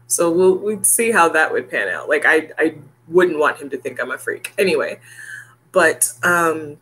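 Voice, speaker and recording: A woman's voice: low-pitched, animated, unhurried, long pauses, a bit bright, slightly rough. A woman in her thirties talking casually and heartfelt to her viewers, laughing often. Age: 30s. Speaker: vlogger. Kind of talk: casual chat to camera.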